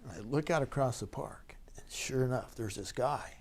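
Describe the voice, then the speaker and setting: A middle-aged man, a county sheriff, telling a story in a folksy, animated way during an interview, laughing now and then. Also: medium pitch, normal speed. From Idaho.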